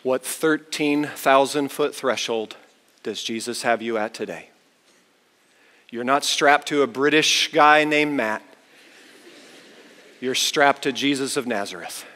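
A pastor preaching a chapel sermon, telling a story with big swings between loud, high bursts and quiet, low asides. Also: male voice, slow pace, long pauses. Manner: animated storyteller with wide swings in pitch and loudness. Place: large university chapel. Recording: long reverb of a large hall.

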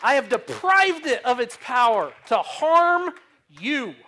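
A man pastor preaching a sermon, slow and emphatic, asking the congregation questions to fill in. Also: very high voice, big pitch swings, sharp tone. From Missouri.

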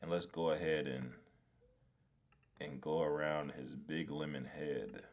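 Slow, deep-voiced man streaming casually. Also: fairly even intonation. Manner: talks to himself, swears freely, frustrated and laughing. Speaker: graphic design streamer. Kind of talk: casual live-stream commentary.

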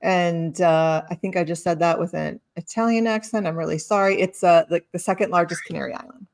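Chatty woman with a low voice. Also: steady tone, fairly quick, gravelly, darkish tone. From lives in Sicily. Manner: chatty, explains with many fillers and self-corrections. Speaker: cheese box host. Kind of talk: casual cheese tasting chat.

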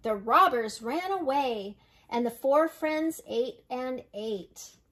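Older woman, high voice, children's read-aloud, gentle and unhurried. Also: lively intonation, a little hiss or hum. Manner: gentle, unhurried reading with slowed dramatic phrases. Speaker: storybook reader.

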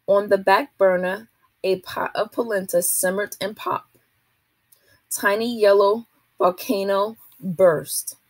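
A woman, a teacher, reading a children's novel aloud to a class in a steady, expressive way. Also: mid-range voice, takes it slowly, no echo.

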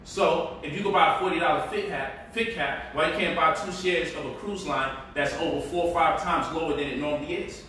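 High bright man talking stocks in an echoey room. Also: fairly quick, hardly any pauses, slight background noise. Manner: loose, joking, slangy. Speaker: host teaching stock investing. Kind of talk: casual livestream talk. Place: home, indoors. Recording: echoey room, mic at a distance.

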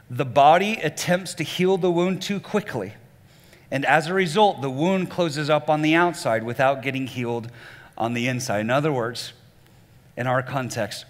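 A man, a lead pastor, preaching a sermon in a church with an animated delivery, sometimes acting out voices he quotes. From Southern US. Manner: animated, acts out quoted voices at a much higher pitch. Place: church auditorium. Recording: church hall reverb.

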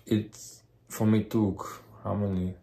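A man co-hosting a casual vlog, adding slow, measured remarks. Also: lowish voice, little pitch movement, gravelly, warm tone. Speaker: co-host, husband. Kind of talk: casual chat.

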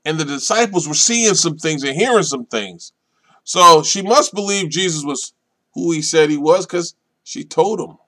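A man with a fairly high voice leads a Bible study in a deliberate, emphatic way. He leans hard on key points and repeats them, then drops to a soft, low delivery. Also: expressive. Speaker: minister leading Bible study.

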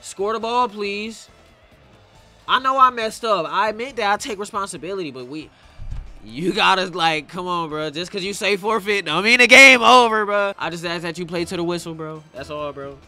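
A young man streaming a game, chatting casually and yelling at his teammates. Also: high-pitched, moderate pace, soft background music. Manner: trash-talking, breaks into loud yelling at teammates. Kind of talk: casual gameplay commentary.

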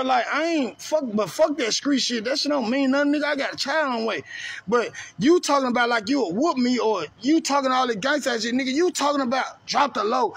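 A man's voice: very high voice, a bit bright, slightly rough. A man delivering a confrontational, profane rant on a live video and taunting someone over and over. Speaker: streamer ranting on a live video.

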